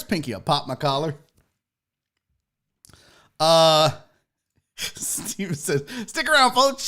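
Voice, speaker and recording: A middle-aged man hosting a casual live stream, loud and profane, excitably reading viewer messages aloud. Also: sits high. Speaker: show host.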